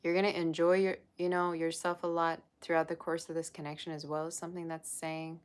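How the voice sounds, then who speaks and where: A woman's voice: low-pitched, little pitch movement, fairly quick, smooth. A woman giving a live-streamed tarot reading, chatty and effusive as she gushes over the cards. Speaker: tarot reader.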